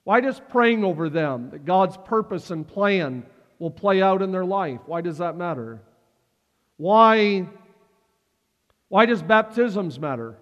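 Pastor guy preaching, high voice, lots of repeating lines, big echoey church hall, kinda muffled. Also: expressive, takes it slowly, a bit bright. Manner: repetitive, rising call-and-response preaching. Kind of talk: sermon. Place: church sanctuary. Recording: dull sound with a long hall reverb.

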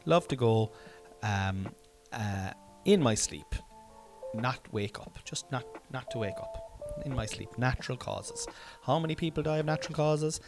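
A man's voice: mid-range voice, expressive, unhurried, over music. A man in his forties musing aloud in a casual, rambling monologue, self-mocking and swearing freely. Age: 40s.

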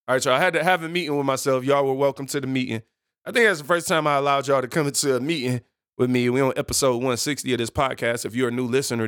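A man's voice: mid-range voice, a bit bright, dry recording, clean studio sound. Chatty man hosting a solo podcast. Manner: rambling, self-correcting, playful asides. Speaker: podcast host. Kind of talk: casual solo podcast talk.

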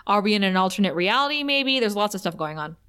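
A woman co-hosting a casual show recap, lively and quick to laugh, acting out scenes as she retells them. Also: medium pitch, clear, resonant tone. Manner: animated, laughs often, acts out scenes. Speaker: podcast co-host.

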